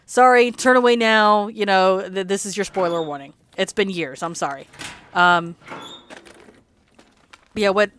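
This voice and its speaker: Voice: medium pitch, a little slow, pauses often, a bit bright, a little hiss or hum. A let's play host rambling in casual gameplay commentary, chatty and laughing often, sleepy and yawning late at night.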